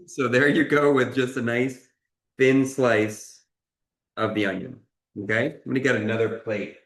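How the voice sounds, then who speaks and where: A man's voice: mid-range voice, fairly even intonation, a little slow, fairly bright tone, roomy sound. A man chef teaching a cooking lesson, talking through each cut in an encouraging way and often checking in with "okay?". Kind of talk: cooking demonstration. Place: kitchen.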